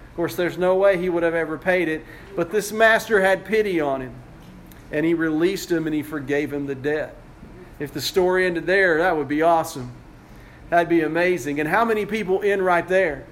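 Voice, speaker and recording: A man's voice: fairly high pitch, moderate pace. A male pastor preaching a sermon, retelling a story conversationally with frequent restarts.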